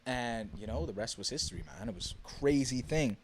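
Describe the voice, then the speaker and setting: A young man from the Bahamas hosting a podcast alone, telling a story in a casual, excitable way with many fillers and restarts. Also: medium pitch, a little fast, creaky, a little hiss or hum. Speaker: podcast host.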